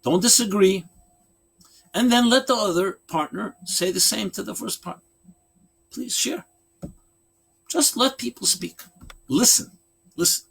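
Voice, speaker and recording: A man giving a lecture, telling a story in an animated, expressive way. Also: unhurried, vocal fry, pauses often, husky. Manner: animated, expressive storytelling with big pitch swings. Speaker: speaker.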